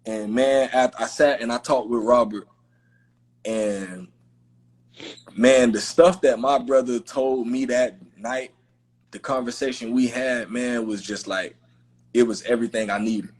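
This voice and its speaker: A man's voice: mid-range voice, steady tone, measured pace, darkish tone. A man hosting a podcast in casual conversation, talking in an emphatic, heartfelt way with lots of slangy fillers. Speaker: podcast host.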